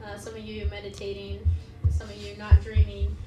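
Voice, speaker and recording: A woman's voice: mid-range voice, completely flat delivery, moderate pace, music in the background. A woman running a tabletop game as game master, narrating casually with frequent giggles. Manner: giggly, loose, chatty. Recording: roomy, distant mic with faint noise.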